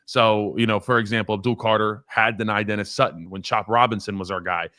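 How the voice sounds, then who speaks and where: A man talking football on a casual podcast, his voice sitting a little low. He rambles, repeats his words and laughs at his own stories. The sound is dry and close to the mic. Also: steady tone, a little fast, sharp tone, no echo. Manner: rambling, self-deprecating, laughs while telling stories. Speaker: former college offensive lineman, guest. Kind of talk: casual sports podcast talk.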